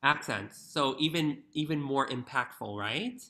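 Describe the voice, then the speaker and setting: A man's voice: mid-range voice, unhurried, sharp tone. A young man teaching violin in an online masterclass, encouraging and singing phrases on nonsense syllables over a video call.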